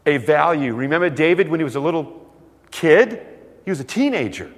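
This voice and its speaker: A high-voiced man preaches a sermon full of lively storytelling, acting out the voices of the characters he describes. His words echo with the long reverb of a large hall.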